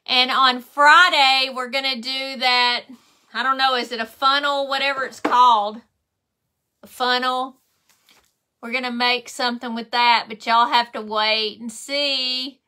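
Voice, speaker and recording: Woman, craft stream host, high bright voice, relaxed slow chat, friendly thank-yous to viewers. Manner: chatty, thanks viewers by name, laughs often. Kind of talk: casual live chat while painting.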